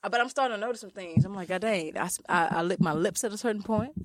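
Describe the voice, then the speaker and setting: A young woman co-hosting a podcast, chatting casually in slang and acting out little scenes. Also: fast.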